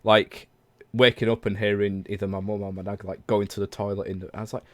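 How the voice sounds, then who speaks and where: A man's voice: on the low side, flat delivery, brisk, no echo. A man in his thirties hosting a casual livestreamed podcast, talking in a rambling, chatty way full of self-corrections. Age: 30s. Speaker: podcast host.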